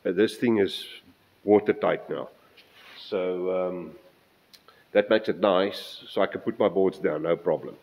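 This rough recording captures a deep, somewhat dark male voice moving at a measured pace. The speaker, a middle-aged South African, rambles through a laid-back workshop vlog about his model railway, frequently trailing off mid-thought and tallying up measurements aloud.

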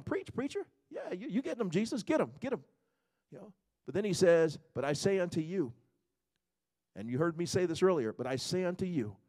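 A man's voice: on the high side, darkish tone. A male pastor preaching a sermon in a conversational way, repeating words and asking the congregation rhetorical questions.

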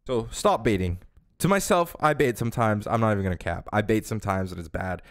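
A man's voice: on the low side, expressive. Exasperated, cursing young man ranting. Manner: exasperated, profane, acts out teammates in quick asides. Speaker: gaming YouTuber. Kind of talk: ranting gameplay commentary.

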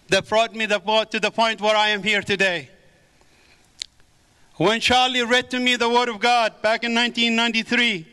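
A man's voice: very high-pitched, sharp tone, clear, resonant tone. Fervent middle-aged man preaching in a hall. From Middle East. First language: Arabic. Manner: fervent preaching with exclamations of praise. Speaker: guest speaker. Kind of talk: sermon-style testimony. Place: large church hall with audience. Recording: echoey hall with audience.

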